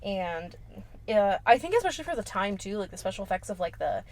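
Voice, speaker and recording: A young woman co-hosts a casual podcast, recapping a horror film in a sassy, slangy way. Her voice sits at an ordinary middle pitch. She swears freely and drops in playful asides. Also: sing-song, brisk, darkish tone. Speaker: podcast co-host.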